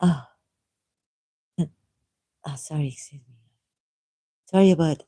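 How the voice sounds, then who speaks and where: A woman hosting her own channel, reading a text aloud slowly and commenting, with apologetic asides. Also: low voice, dark tone, no echo. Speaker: channel host. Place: dim room.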